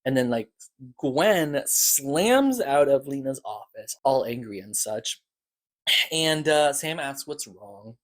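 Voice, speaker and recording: A man's voice: medium pitch, expressive, slow pace. Rambling man recapping a podcast. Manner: rambling, loose, lots of "like" and "uh". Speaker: podcast reviewer. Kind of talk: casual episode recap.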